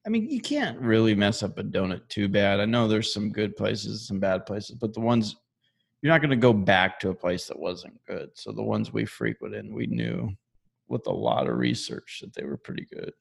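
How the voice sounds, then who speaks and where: A man's voice: lowish voice, big pitch swings, normal speed, gravelly, husky. A man co-hosting a podcast, telling rambling stories and laughing often in casual chat. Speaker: co-host.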